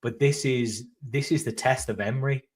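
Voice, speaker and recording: A man co-hosting a football fan podcast, telling stories in a relaxed, chatty way. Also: medium pitch, moderate pace. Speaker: podcast co-host. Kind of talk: casual football podcast chat.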